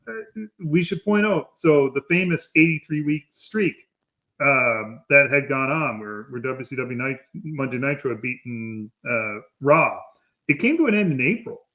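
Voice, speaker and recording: A man's voice: mid-range voice, lively intonation, unhurried, pushed and bright. Male podcast co-host, mid-range voice, loose and rambling, lots of ums, chuckles while telling stories. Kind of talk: casual wrestling history chat.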